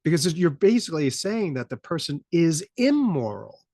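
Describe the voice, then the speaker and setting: A man's voice: a little high, big pitch swings, normal speed, a little mellow, no echo, clean studio sound. A middle-aged man hosting a podcast, rambling through casual political commentary, laughing in disbelief and rising to incredulous peaks. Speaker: podcast host.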